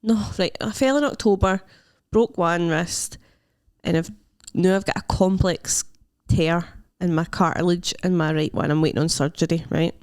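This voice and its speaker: A woman with a Glasgow Scottish accent, co-hosting a podcast in casual chat and acting out the people in her story with lively quotes. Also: normal speed, clear, resonant tone, no room sound, clean studio sound. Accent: Scottish, Glasgow area. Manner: animated storyteller, acts out quotes in a higher voice, laughs often. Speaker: podcast co-host.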